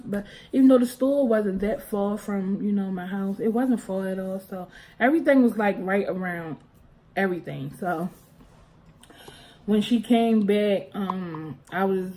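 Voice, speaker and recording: A young woman vlogger telling a casual, animated storytime about growing up. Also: medium pitch, slow pace, rough recording. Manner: animated, expressive, talks with her hands.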